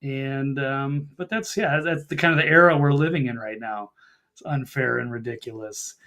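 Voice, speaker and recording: A man's voice: medium pitch, fairly even intonation, moderate pace, sharp tone. A man appearing as a journalist guest on a talk show, speaking in an easygoing, hesitant way that often trails off. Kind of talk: casual talk show discussion.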